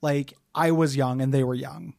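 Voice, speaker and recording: A man co-hosting a comedy podcast, joking in loose casual chat and sometimes dropping into a slow low put-on voice. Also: fairly even intonation, creaky, a little mellow, dry recording, clean studio sound. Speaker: podcast co-host.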